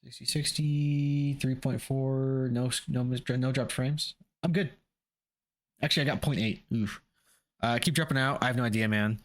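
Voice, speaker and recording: This man streams a video game and chats with viewers in a casual, profane, rambling way full of jokes. His voice is medium in pitch, with a steady tone and moderate pace.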